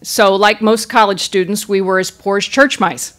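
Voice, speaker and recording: A woman telling a comic personal story on stage, animated and acting out the people in it, into a stage microphone. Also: mid-range voice, moderate pace. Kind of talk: live first-person storytelling. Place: stage in front of a live audience.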